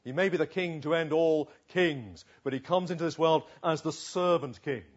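A man delivers a sermon in an expressive way, slowing down for emphasis and then hurrying through asides. His voice sits a little high and sounds a touch husky. The recording is somewhat dull and muffled. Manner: expressive, varied delivery with slow emphatic pauses. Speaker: preacher.

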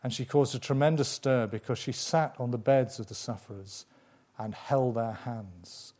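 A man delivering a sermon in a mellow, warm voice of middle pitch. He builds emphasis through repetition and drops into slow, deliberate pauses. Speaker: preacher.

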